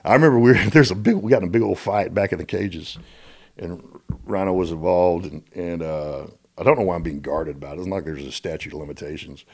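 A middle-aged American man telling stories as a guest in a casual interview, animated and repeating words when he gets going. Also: deep voice, fast talker, husky.

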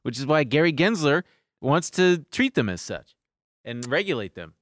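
A man co-hosting a casual comedy podcast, telling stories in quick, animated bursts. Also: fairly high pitch, no echo, clean studio sound. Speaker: podcast co-host.

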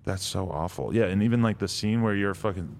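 A man's voice: sits low, lively intonation, brisk, darkish tone, a little hiss or hum. A man hosting a casual interview, swearing freely and asking blunt follow-up questions. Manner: profane, reactive questioning. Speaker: host.

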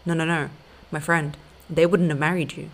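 A woman's voice: low-pitched, little pitch movement, normal speed. A woman hosting a podcast, giving blunt, emphatic relationship advice straight to her listeners. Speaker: podcast host and dating coach.

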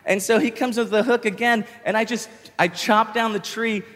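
A young man doing a stand-up comedy set, telling a story with animated delivery and shouted punchlines. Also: high voice, normal speed, big-room sound. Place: comedy stage with live audience.

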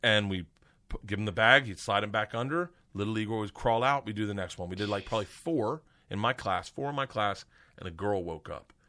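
A middle-aged man, a comedian guest, telling an animated story with lots of swearing and high-pitched quoted voices. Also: brisk. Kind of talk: casual storytelling.

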